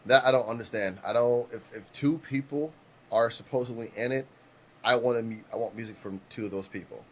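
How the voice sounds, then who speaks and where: A man's voice: medium pitch, a little fast. A man in his thirties, co-hosting a podcast, telling rambling stories with restarts and casual swearing. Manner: rambling storyteller, frequent restarts, swears freely. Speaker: podcast co-host.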